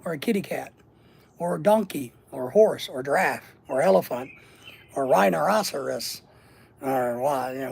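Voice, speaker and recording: A man's voice: sits high, gravelly, a little mellow, breathy edge, no room sound. A middle-aged man hosting a casual livestream, rambling and joking as he reads and answers the chat. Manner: rambling, jokey, repeats words and lists. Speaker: livestream host reading chat.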